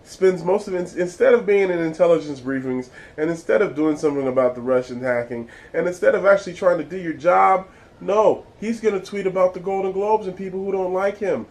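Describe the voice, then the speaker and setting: A man's voice: high-pitched, brisk, a little mellow, low-quality recording. A man hosting his own vlog, giving blunt, exasperated and profane commentary. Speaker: vlog host. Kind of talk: casual ranting commentary.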